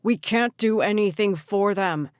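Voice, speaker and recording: In this audiobook, a middle-aged father barks firm orders, as a woman narrator puts him on. His voice is slow and pitched low, and the recording is dry and close. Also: steady tone, no echo. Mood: firm, urgent. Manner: firm, commanding.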